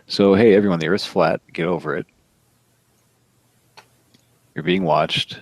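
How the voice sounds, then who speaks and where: A man's voice: sits low, fairly even intonation, a little slow, pauses often, no echo. A man hosting a casual online hangout chat over a headset, rambling and mocking with frequent swearing. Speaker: host. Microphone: headset on a video call.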